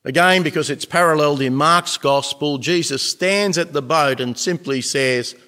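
A man preaching a sermon as a pastor, earnest, with emphatic pauses and swells in volume. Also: fairly high pitch, sharp tone. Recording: long reverb of a large hall.

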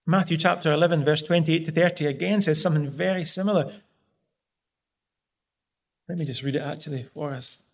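A man's voice: fairly high pitch, a little fast, pauses often. A man preaching a sermon in an earnest, pleading way, pressing hard on key phrases.

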